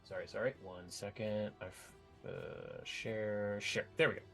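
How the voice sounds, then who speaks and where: A man's voice: lowish voice, steady tone, measured pace, creaky, a bit bright, faint music behind. A man running a tabletop game online as game master, talking casually and correcting himself as he goes. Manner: casual, self-correcting, swears when flustered.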